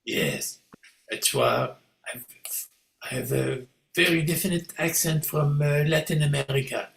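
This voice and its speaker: A man's voice: fairly high pitch, measured pace, vocal fry, a bit bright. A man voicing a vain, swashbuckling male cat in boots, with a put-on Latin American accent, over a video call. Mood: boastful. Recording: echoey room.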